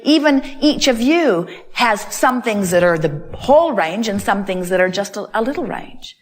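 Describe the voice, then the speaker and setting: A woman's voice: medium pitch, animated, moderate pace. A woman answering audience questions in a seminar talk, emphatic and fond of repeating set phrases. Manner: emphatic, repeats phrases like "in other words" and "you see".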